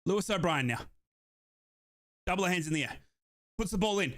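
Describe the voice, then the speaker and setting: A young man calls a football match as an overjoyed fan, shouting in bursts until he runs out of breath. His voice sits high and sounds bright and sharp. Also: expressive, normal speed. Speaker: fan watchalong streamer. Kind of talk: excited fan commentary.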